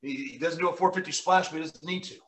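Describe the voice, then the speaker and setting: A man hosting a podcast as a pro wrestler, telling stories in a lively, excited way, recorded from a distant mic in a roomy space. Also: fairly high pitch. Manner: animated storyteller, quick and excited. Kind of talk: casual podcast chat.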